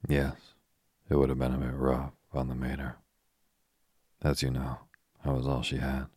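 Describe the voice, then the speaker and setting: A man's voice: a bass voice, completely flat delivery, a little slow, darkish tone, husky, no echo, studio quality, heavily acted. A man reading the lines of a rueful young ex-soldier who is out of work, glum and self-deprecating. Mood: earnest.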